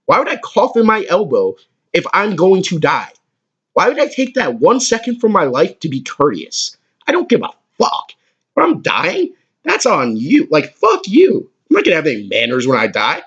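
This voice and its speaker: A man in his twenties hosting a comedic podcast, with a crude, excitable way of talking and a lot of swearing. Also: high-pitched, moderate pace, breathy edge, highs cut off. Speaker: podcast host.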